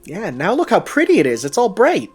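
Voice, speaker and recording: A man's voice: high-pitched, huge pitch swings, a little fast, soft background music. A young man co-commenting on a video game, chatty and upbeat, laughing easily. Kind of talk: casual let's play commentary.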